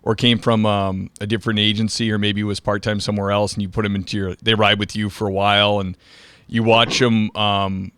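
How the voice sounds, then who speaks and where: A man's voice: on the low side, brisk, clear, resonant tone, no room sound. A middle-aged man hosting a police podcast, chatting casually with lots of fillers as he asks questions. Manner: relaxed, chatty, many fillers. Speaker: podcast host, police officer. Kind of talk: casual interview chat.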